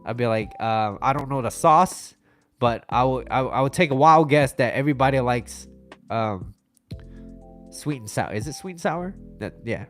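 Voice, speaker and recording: A man's voice: mid-range voice, expressive, normal speed, fairly bright tone, faint music behind. A young man from the United States chatting casually on his livestream, rambling through stories and reading out viewer comments. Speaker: livestream host.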